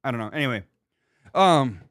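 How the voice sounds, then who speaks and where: Animated, profane man hosting a podcast. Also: mid-range voice, normal speed, no echo. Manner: animated, profane, laughs and mimics people. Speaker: podcast host. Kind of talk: casual chat reading live chat.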